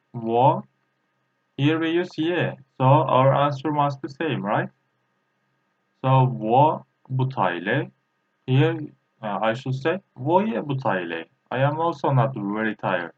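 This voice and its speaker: A man, a native Turkish speaker, giving a language lesson in English, halting and repeating words slowly with many fillers. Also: mid-range voice, expressive. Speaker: language teacher. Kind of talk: slow spoken language lesson. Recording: tinny phone-like audio.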